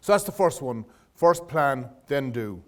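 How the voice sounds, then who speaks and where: A man's voice: medium pitch, expressive, a little slow. A middle-aged man giving a leadership lecture to students, telling career stories in a conversational way and often restarting his phrases. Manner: anecdotal, restarts phrases, addresses audience directly. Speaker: guest lecturer. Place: lecture hall.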